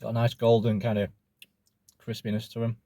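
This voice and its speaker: A man's voice: medium pitch, monotone, brisk, warm tone, dry recording. A man with an Australian accent, casually rambling and swearing as he reviews takeaway food in a vlog.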